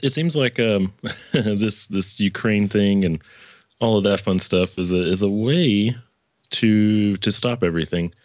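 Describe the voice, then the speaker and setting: A man's voice: fairly low pitch, a little mellow, dry recording, lo-fi sound. A man hosting his own podcast in casual political commentary, rambling and correcting himself, with profane asides. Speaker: podcast host.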